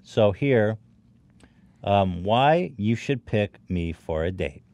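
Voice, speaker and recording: A man's voice: fairly low pitch, expressive, slow pace, a little mellow, dry recording, dull audio. A man on a casual podcast, reading dating-game slides aloud in a joking, mock-flirty way. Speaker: podcast crew member presenting a dating game.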